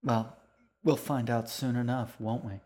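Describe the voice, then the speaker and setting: A man's voice: medium pitch, fairly even intonation, measured pace, dark tone, close to an everyday voice. A man voicing a menacing, falsely smiling man who coaxes and threatens a boy in an audiobook reading. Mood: sly. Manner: cold, coaxing, threatening.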